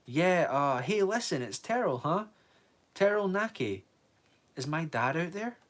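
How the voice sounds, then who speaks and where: A man voices a scared boy who pleads into the dark, his voice pushed high and straining. The boy is hurt and shaken, calling out for help in a storybook reading. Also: normal speed, slightly rough. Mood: pleading.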